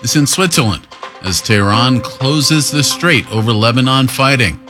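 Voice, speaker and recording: Male radio anchor, mid pitch, steady delivery, strong music bed behind. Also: a little slow. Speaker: news anchor.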